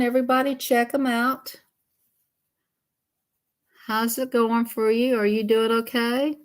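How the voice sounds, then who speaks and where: A woman's voice: on the high side, takes it slowly, long pauses. A woman chatting casually on a livestream while coloring, laughing often and greeting viewers. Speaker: livestream host.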